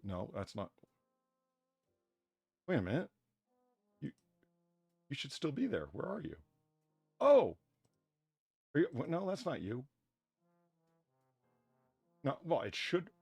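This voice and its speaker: A man hosting a casual podcast chat, profane and excitable, who laughs a lot. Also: mid-range voice, slow pace, creaky, long pauses, husky, dry recording, soft background music. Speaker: podcast host.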